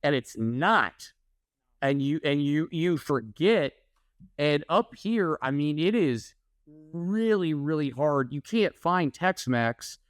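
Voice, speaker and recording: Podcast co-host, man from Oklahoma, animated storyteller, slightly high voice. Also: takes it slowly, dry recording, studio quality. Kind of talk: casual podcast chat.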